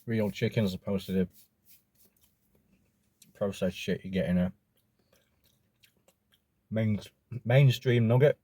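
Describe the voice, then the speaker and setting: Laid-back Australian guy reviewing food, low dark voice, dry close sound. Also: takes it slowly, pauses often, no room sound. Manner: rambling, laid-back, swears casually. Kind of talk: casual food review vlog.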